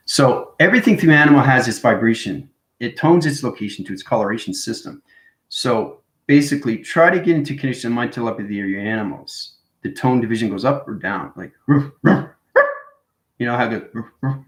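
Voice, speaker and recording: A man's voice: medium pitch, fairly bright tone, roomy sound, rough recording. A man hosting a casual spiritual monologue, rambling and checking in with "right?" and "you know what I mean" after nearly every point. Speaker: spiritual video host.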